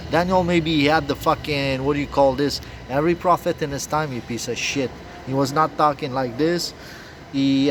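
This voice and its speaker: A man's voice: on the high side, slight background noise. Rambling French-accented man, swearing. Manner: profane and agitated, with halting restarts. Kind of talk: rambling spoken monologue.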